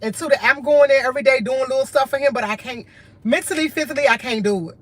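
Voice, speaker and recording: A woman's voice: high-pitched, quick pace, fairly bright tone. A woman talks to her livestream viewers. She sounds worn out and earnest, circling back through short, repeated phrases. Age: adult with a school-age son, in college. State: tired. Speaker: livestream host. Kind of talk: candid livestream talk.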